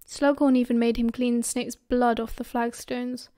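A woman's voice: on the high side, little pitch movement, a little slow, dark tone. British woman narrating an audiobook. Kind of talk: fan audiobook reading.

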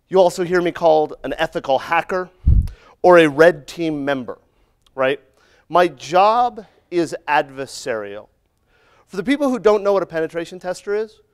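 A middle-aged man speaks at a conference in a slightly higher register than most men. His delivery is loose and conversational, full of jokes and asides. He keeps checking in with the room with a quick "right?". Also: clear, resonant tone. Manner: joking, conversational, often adds "right?". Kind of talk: humorous conference talk.

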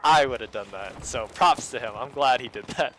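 A man with a bright, forceful voice commentating his own gameplay live. He chats casually to his viewers at a middling pitch, muttering under his breath between sudden outbursts, with faint game noise in the background. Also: moderate pace. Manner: casual, chatty, talks straight to viewers. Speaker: gaming video host.

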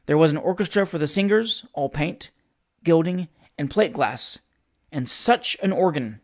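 A man reading a classic novel aloud as narrator, with expressive storytelling and lively shifts in pitch. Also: measured pace. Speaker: audiobook narrator.

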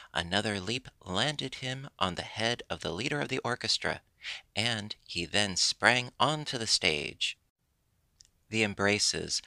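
Creaky-voiced male storybook narrator. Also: lowish voice, pushed and bright, no room sound. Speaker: audiobook narrator.

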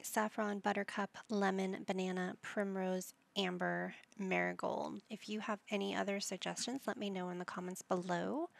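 Slow-talking woman with a gravelly voice. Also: medium pitch. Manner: chatty, talks to her game characters. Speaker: gameplay channel host. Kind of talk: casual gameplay commentary.

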